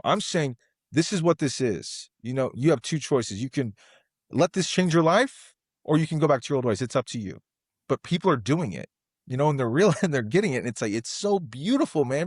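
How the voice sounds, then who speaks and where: A man's voice: medium pitch, dry recording. Passionate man telling his story, dry. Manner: passionate, earnest, rambling storytelling. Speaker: podcast guest. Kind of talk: casual interview conversation.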